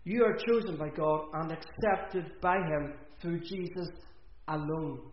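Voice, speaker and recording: A man's voice: on the high side, measured pace. A man preaching an earnest sermon in a church, repeating phrases for emphasis. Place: church hall. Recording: echoey, dull church recording.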